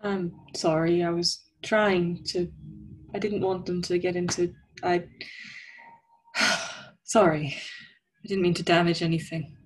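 A woman's voice: lowish voice, little pitch movement, takes it slowly, pauses often. A woman playing her character in a tabletop game, speaking in a hesitant, stammering way. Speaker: player.

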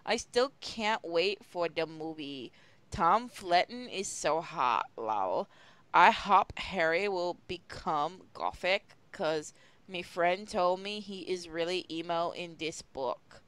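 Profane, animated woman reading with friends. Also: fairly low pitch, takes it slowly, clean tone, no echo. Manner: profane, laughing, teasing. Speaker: group reader. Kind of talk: casual group reading of a fan story.

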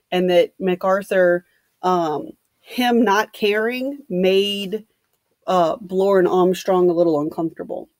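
A woman teacher reading a novel aloud to students, steady and plain, stopping to give brief instructions. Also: mid-range voice, dry recording, studio quality.

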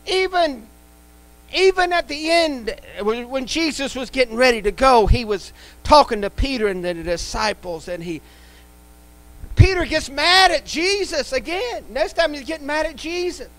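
A male pastor delivers a live sermon in a church sanctuary, hammering points home through repetition. His voice sits very high and sounds bright and forceful. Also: animated, moderate pace, rough recording. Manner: emphatic, repetitive preaching.

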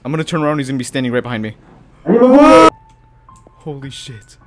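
A young man giving jumpy, excitable let's-play commentary on a horror game, swearing often and calling the viewer dude. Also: mid-range voice, rapid-fire, music in the background. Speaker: gaming video creator. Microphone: headphones and desk mic.

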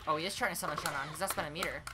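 A woman streaming a fighting game, talking to herself, swearing, and swinging from low mutters to excited yelling. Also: rapid-fire. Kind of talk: casual gameplay commentary. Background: game music.

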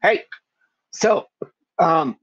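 A man playing a tabletop game who talks with a lively, husky voice. His pitch jumps around a lot. The mic sounds dull and lo-fi, and the room is dry. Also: drawn-out words, no echo. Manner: lively, playful in-character lines. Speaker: player. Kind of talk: casual tabletop play.

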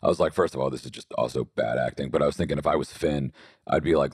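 A man's voice: very deep voice, fast, darkish tone, husky, no room sound, clean studio sound. A man co-hosting a podcast, giving blunt, profane opinions in casual chat. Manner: blunt, swears freely. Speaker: podcast co-host. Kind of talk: casual film review chat.

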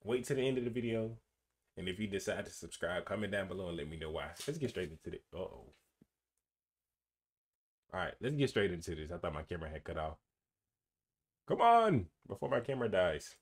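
A young man hosting a casual music reaction video, chatty and slangy, with sudden loud bursts. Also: deep voice, expressive, fast, long pauses.

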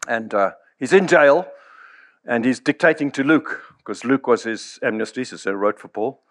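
A man's voice: mid-range voice, moderate pace. Man, middle-aged, pastor, sermon, acts out quotes, chuckles often. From South Africa.

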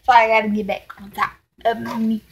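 A woman's voice: a little high, level tone, brisk, slight background noise. A young woman filming a casual unboxing vlog at home on a distant camera mic, exasperated and swearing, saying "like" constantly. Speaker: vlogger.

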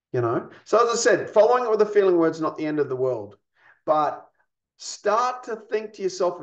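A man giving a recorded training lesson on pastoral care, explaining patiently and asking rhetorical questions. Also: a little high. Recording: echoey, dull lo-fi.

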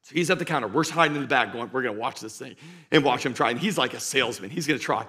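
A man preaching a sermon to a live congregation as pastor, driving points home by repeating them and moving between loud urging and slow, quiet emphasis. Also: mid-range voice. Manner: emphatic, repeats key lines for stress. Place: church stage before a live congregation.

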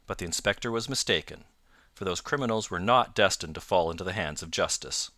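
Man, audiobook narrator, formal steady read, low pitch, dry studio. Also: a little fast, no echo. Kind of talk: scripted narration.

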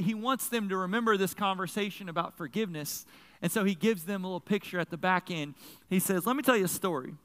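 A man preaching a sermon as a pastor, telling a story in a casual, animated way with slang asides. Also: high-pitched, clear, resonant tone. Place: large church sanctuary. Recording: long reverb of a large hall.

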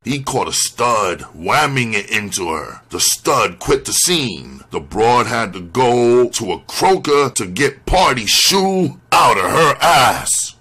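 A man voicing a crude old male barfly who gossips loudly, with rough shouting bursts. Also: mid-range voice, sing-song, takes it slowly, few pauses, full character voice. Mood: gossiping, crude.

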